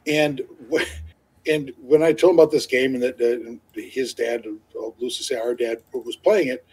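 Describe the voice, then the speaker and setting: In a low-quality recording, a man speaks at normal speed in a steady, mid-range voice that's a touch mellow and slightly rough. He tells a lengthy, rambling story to his co-host during casual live-stream chat, full of fillers and restarts, laughing readily.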